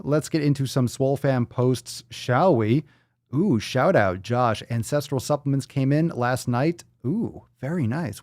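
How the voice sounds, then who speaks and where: A man's voice: medium pitch, unhurried, darkish tone, no echo, studio quality. A man hosting a casual livestream podcast, reading viewer posts aloud in a loose, profane manner that swings between hype and mumbling. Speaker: podcast host.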